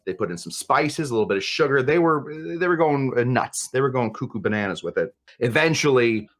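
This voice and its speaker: A man's voice: medium pitch, fairly bright tone. A man hosting a cocktail tutorial, joking and rambling with playful exaggeration. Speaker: cocktail show host. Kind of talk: casual comic cocktail tutorial.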